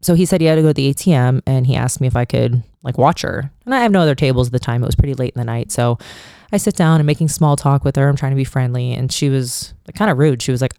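Frank, profane man with a mellow voice. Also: medium pitch, fast, gravelly, clear, resonant tone, dry recording, studio quality. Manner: frank and profane, many filler likes. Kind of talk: casual monologue storytelling.

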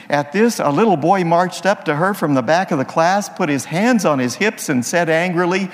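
A man's voice: a little high, moderate pace, hardly any pauses, in a large hall. A man, a priest, opening his sermon with folksy jokes before turning serious. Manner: folksy, playful joke-telling. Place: church.

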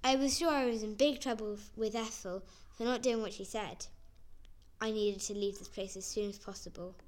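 A woman's voice: mid-range voice, steady tone, moderate pace. A woman reading a first-person story aloud in an earnest, plain way. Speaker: narrator.

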